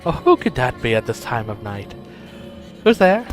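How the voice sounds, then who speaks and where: A man's voice: fairly low pitch, sing-song, brisk, over music. A man voicing an uneasy village mother fretting about a knock at night. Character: worried village mother, fretful.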